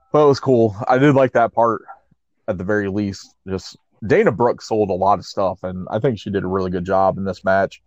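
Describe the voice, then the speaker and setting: Laid-back man, low voice, muffled lo-fi sound. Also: a little mellow, no echo. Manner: laid-back, laughs often, peppers speech with "like". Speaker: podcast co-host. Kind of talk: casual chat recapping wrestling. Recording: muffled lo-fi audio.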